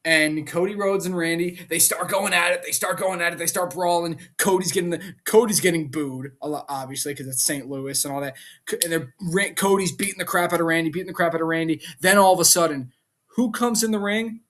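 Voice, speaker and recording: A man with a slightly higher voice than most talks through a casual review vlog. He rants in an animated, exasperated way and keeps throwing out rhetorical questions in disbelief. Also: a little fast. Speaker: wrestling show reviewer.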